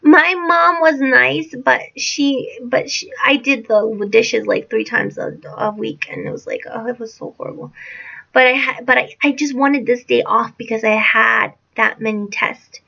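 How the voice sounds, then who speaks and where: A young woman rambles through a personal storytime vlog, correcting herself as she goes. Her voice sits high with a gravelly fry, and the recording is dull and lo-fi. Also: fairly even intonation, measured pace, bright, forceful tone. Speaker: vlogger. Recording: dull lo-fi sound.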